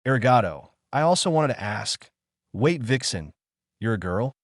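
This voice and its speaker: A man voicing a hot-headed young boy ninja who rants and yells. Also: mid-range voice, very animated, normal speed, no room sound, studio quality. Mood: wary. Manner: ranting, yelling.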